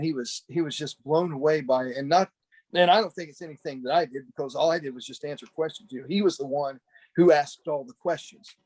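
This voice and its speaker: This former pro wrestler has a fairly high-pitched, darkish voice. Joining a podcast by video call, he reminisces casually in memory of someone, chatting on as a talkative storyteller who often restarts and drops in "you know."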